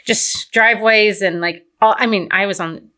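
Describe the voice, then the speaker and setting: Chatty bright-voiced Texas woman. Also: mid-range voice, moderate pace. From Fort Worth, Texas. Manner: chatty, lots of "like" fillers, animated retelling. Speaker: entrepreneur guest. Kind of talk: casual interview storytelling.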